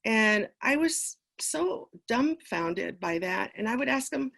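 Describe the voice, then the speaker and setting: An older woman, a retired educator, telling personal stories as a keynote speaker, earnest and pausing often on fillers. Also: a little high, big pitch swings, vocal fry, fairly bright tone. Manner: earnest storytelling with frequent fillers. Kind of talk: personal conference talk.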